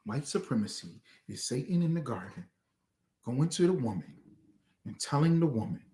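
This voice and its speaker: A man preaching fiercely, swinging between shouts and low, muttered lines. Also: big pitch swings, moderate pace, roomy sound. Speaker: street preacher. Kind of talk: fiery street preaching.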